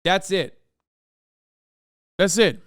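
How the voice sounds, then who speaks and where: A man's voice: sits high, extremely slow, fairly bright tone, no echo, studio quality. A man hosting a live stream, ranting heatedly and profanely about politics and mocking his critics. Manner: mocking and combative toward chat.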